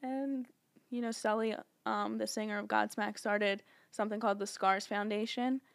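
Young woman, podcast co-host, casual chat, chatty, giggly, mid-pitched voice. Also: fairly even intonation, moderate pace. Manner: chatty and giggly, rambling with fillers.

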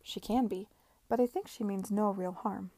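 A woman reading the part of a kind, gentle young woman in an audiobook, soothing and encouraging. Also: mid-range voice, normal speed, dry recording, close to an everyday voice.

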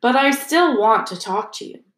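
A woman voicing an old male wizard headmaster who speaks slowly, gently and with measured calm. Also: fairly high pitch, echoey room. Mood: gentle.

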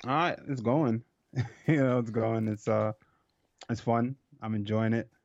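A man's voice: mid-range voice, steady tone, measured pace, vocal fry, dry recording, lo-fi sound. A man from Jamaica who is a professional fighter, talking in a loose, casual way and swearing freely. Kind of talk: casual interview chat.

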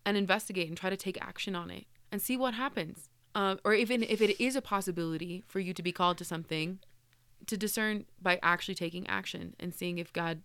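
A woman's voice: on the low side, quick pace, a bit bright, smooth, no room sound. A woman co-hosting a casual faith podcast, speaking in an earnest, reflective way. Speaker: podcast co-host.

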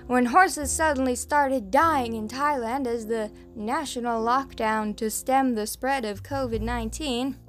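A young woman hosting a podcast, rambling through the news in a casual, swearing, filler-heavy way. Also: a little high. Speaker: podcast host.

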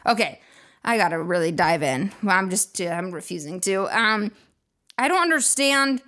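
A woman's voice: lowish voice, moderate pace, a bit bright. A woman hosting a comedy podcast alone, riffing sarcastically with frequent laughs and swearing. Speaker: podcast host. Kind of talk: casual comedic podcast monologue.

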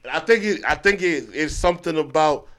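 A man in a casual podcast conversation, his voice sitting a little high and bouncing all over the place. He talks in bursts, gets loud to make a point, then drops to a mutter. His sentences trail off and restart. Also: expressive, a little fast. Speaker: podcast co-host. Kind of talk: casual chat.

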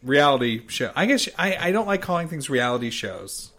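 A man's voice: mid-range voice, very animated, normal speed, fairly bright tone. A man co-hosting a casual chat, upbeat and chatty with hesitant starts. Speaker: podcast co-host.

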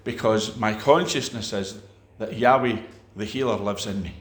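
A man's voice: on the low side, moderate pace, roomy sound. A man preaching a sermon, emphatic, with repeated phrases and restarts.

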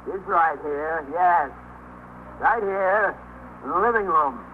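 A paranoid armed man, high-pitched. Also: slow. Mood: uneasy. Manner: agitated, repetitive, swings between threats and self-pity. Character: unstable man barricaded with a gun, paranoid and bitter. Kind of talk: 1950s radio drama acting. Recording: tinny old radio broadcast with faint hiss.

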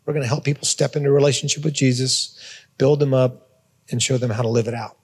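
A man's voice: mid-range voice, fairly even intonation, quick pace, husky, big-room sound. A man giving a conversational sermon as a pastor, repeating words and adding informal asides. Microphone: phone or portable device.

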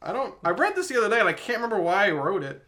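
High-voiced young man laughing through stories. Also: very animated, rapid-fire, sharp tone. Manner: laughs often while telling stories. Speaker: podcast co-host. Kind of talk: casual chat.

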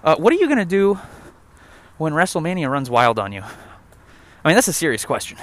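A young man with a slightly high voice rambles through jokey, profanity-laced rants. He talks into a handheld camera while walking an outdoor trail. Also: very animated, a little fast. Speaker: vlogger. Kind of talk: casual rant while walking.

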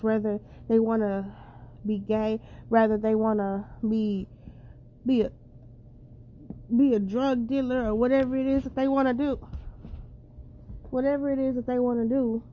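Woman, higher-pitched voice, mellow and warm tone, blunt, profane, preachy, talks straight to viewers. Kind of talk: casual straight-to-camera rant.

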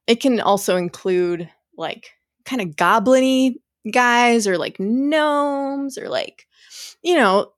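A young woman co-hosting a casual podcast. She reads a spooky tale aloud, drops into a hushed voice, and swears casually. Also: on the high side, slow, no room sound. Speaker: podcast co-host. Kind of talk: casual chat, reading a story aloud.

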